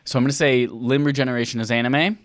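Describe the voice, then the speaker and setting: A man's voice: medium pitch, steady tone, fast, dry recording, studio quality. A man co-hosting a podcast who plays a quiz, thinking aloud in a jokey, casual way. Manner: thinks aloud, jokey, puts on mock voices. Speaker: podcast co-host playing a quiz.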